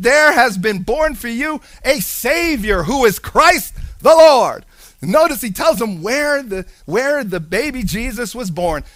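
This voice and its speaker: A man preaching a sermon with animated delivery, acting out Bible characters in playful voices. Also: extremely high pitch, no echo. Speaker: pastor.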